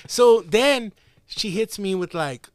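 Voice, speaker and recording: A young man spinning a crude, profane story, his pitch bouncing all over as he acts out each exchange. The recording is dry and close, with no room sound. He laughs through his lines and leans on slang. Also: expressive, takes it slowly, smooth, no room sound. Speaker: podcast co-host.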